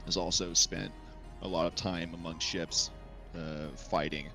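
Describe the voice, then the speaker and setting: A man playing a tabletop game, speaking in character in an earnest, measured, pleading way. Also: low-pitched, flat delivery, pushed and bright, faint music behind. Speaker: player. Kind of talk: in-character tabletop role-play.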